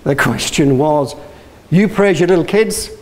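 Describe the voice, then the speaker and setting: The Yorkshire guest speaker, unhurried and fairly high-pitched with a darkish tone, offers a motivational talk built on anecdotes and questions to the audience. He frequently restarts and corrects himself, and the audio quality is poor.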